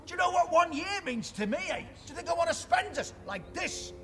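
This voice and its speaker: A man's voice: very high voice, sing-song, fairly quick, bright, forceful tone, exaggerated voice. An actor playing a stubborn, sarcastic 86-year-old father who grumbles and defies everyone. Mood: bitter. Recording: outdoor performance with crowd noise.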